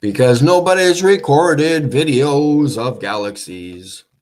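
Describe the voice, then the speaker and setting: A man's voice: mid-range voice, expressive, slow pace. Rambling jokey livestream man. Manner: rambling, jokey, laughs at his own points. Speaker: livestream host. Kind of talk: casual livestream chat.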